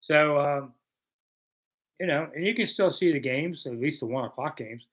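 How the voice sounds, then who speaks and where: A man's voice: fairly high pitch, normal speed, fairly bright tone. A man in his sixties from the American South, hosting a casual live chat, reading viewer questions and answering with self-deprecating humor. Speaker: host.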